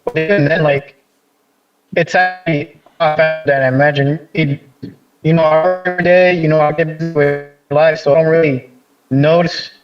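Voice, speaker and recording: A man calling in to a livestream, talking in a halting, rambling way with many fillers. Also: a little high, steady tone, loud music behind the voice. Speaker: caller. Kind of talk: casual chat. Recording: dull choppy call line.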